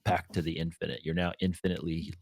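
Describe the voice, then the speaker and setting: A man's voice: sits low, flat delivery, fast talker, gravelly, darkish tone, dry recording. A man co-hosting a talk show, speaking reflectively about spiritual ideas in casual conversation. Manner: reflective and spiritual, with short affirmations. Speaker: podcast co-host.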